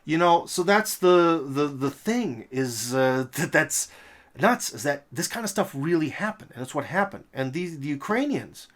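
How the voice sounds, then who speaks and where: A man's voice: fairly high pitch, animated, moderate pace, fairly bright tone. A man hosting a political commentary monologue, talking in an emphatic, rhetorical way with sarcastic asides. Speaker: host.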